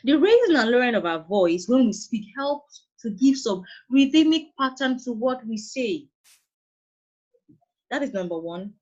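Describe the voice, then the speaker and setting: A woman's voice: a little high, very animated, a little slow, darkish tone. A woman with a Nigerian accent teaching an online English lesson, patient and repeating her points. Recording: dull lo-fi online class audio.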